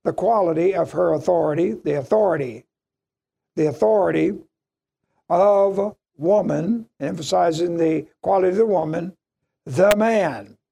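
Gravelly emphatic man teaching scripture. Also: sits high, dark tone. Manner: slow and emphatic, repeating key phrases. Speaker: preacher. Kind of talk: verse-by-verse Bible teaching.

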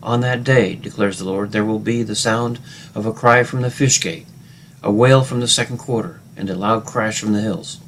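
A man teaching a Bible lesson in a relaxed, hesitant way, full of fillers and restarts, who reads scripture quotes out louder. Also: on the low side, moderate pace, a little hiss or hum.

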